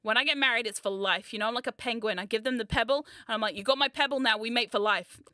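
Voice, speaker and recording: A woman's voice: on the high side, quick pace, bright, forceful tone, no echo, studio quality. A woman, chatting casually on a livestream as a VTuber, rambling, swearing and mocking herself with frequent laughs. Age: 30s. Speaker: VTuber streamer.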